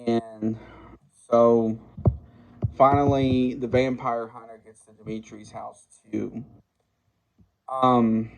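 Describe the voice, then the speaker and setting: Slow, halting man in his sixties. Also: medium pitch, darkish tone, low-quality recording. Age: 60s. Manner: halting, many fillers and restarts. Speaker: movie reviewer. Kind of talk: casual plot recap.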